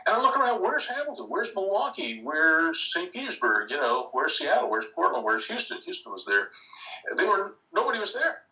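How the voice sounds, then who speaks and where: Animated older man telling a story. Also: sits high, moderate pace, recorded from a distance, muffled recording. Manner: animated, acts out quoted voices. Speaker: interview guest. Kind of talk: storytelling anecdote.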